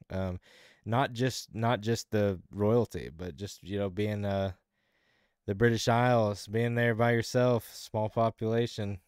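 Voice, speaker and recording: Male podcast co-host, lowish smooth voice, dry close mic, loose rambling profane chatter. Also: a little mellow, dry recording. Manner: rambling, swears a lot, restarts sentences. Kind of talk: casual profane chat.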